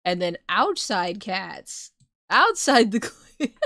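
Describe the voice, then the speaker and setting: A woman's voice: medium pitch, big pitch swings, slow, gravelly, sharp tone, no echo, clean studio sound. A woman streamer, not a native English speaker, chatting loosely with her viewers, swearing and laughing often before a book reading. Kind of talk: casual live-stream chat.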